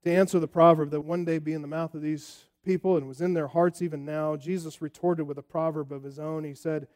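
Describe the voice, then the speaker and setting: High, mellow-toned preacher man. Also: quick pace, few pauses. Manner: emphatic preaching that rises and falls, acting out taunts of the crowd. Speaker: pastor. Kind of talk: sermon.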